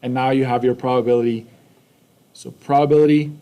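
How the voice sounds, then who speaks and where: A man's voice: mid-range voice, steady tone, a little fast, dark tone. A man with a Canadian accent teaching a math lesson casually, often checking in with "right?" and "okay?".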